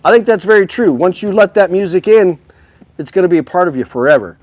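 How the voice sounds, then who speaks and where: An upbeat, chatty man hosting a live stream, talking right to his viewers with a fairly high voice. The sound is close and dry, with no room around it. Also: animated, fast, darkish tone, no echo. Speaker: host of a live music store show. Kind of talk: casual live-stream sales chat.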